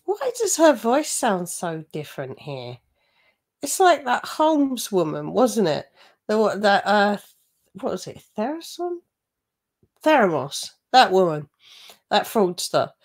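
A woman's voice: medium pitch, sing-song, slow pace. A woman hosting a reaction commentary channel, talking in a blunt, scornful, chatty way with frequent laughs.

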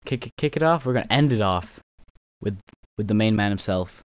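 A man's voice: on the low side, expressive, normal speed, clear, resonant tone, no echo. A man hosting a casual gaming video, laughing at himself and saying "you know" a lot. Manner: giggly, self-mocking, says "you know" often. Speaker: YouTube gaming host. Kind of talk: casual gaming chat with impressions.

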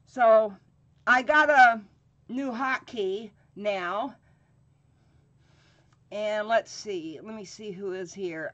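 A woman hosting a live painting stream, talking in an unhurried, drawn-out way. She chats casually, greets viewers by name and fills her pauses with "um" while she works with her hands. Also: mid-range voice, fairly bright tone, highs cut off. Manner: slow, drawn-out speech with frequent fillers. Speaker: craft channel host.

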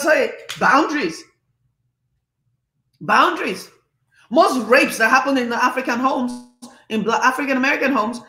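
A woman from Nigeria, hosting an impassioned live-stream monologue, her voice rising to yelling when passionate. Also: fairly high pitch, reverberant. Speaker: host.

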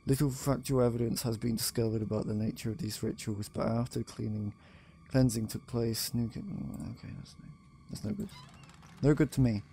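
A man's voice: mid-range voice, fairly even intonation, fairly quick, creaky, warm tone, slight background noise. Jumpy man commentating a horror game. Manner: yelps and swears when startled, reads notes aloud. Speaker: gameplay video host.

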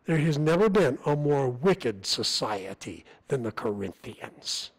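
In a church sanctuary, a visiting missionary delivers a sermon in a mid-range voice that swings widely in pitch. He keeps a measured pace, sounding earnest and conversational while often restarting his sentences. The recording is rough.

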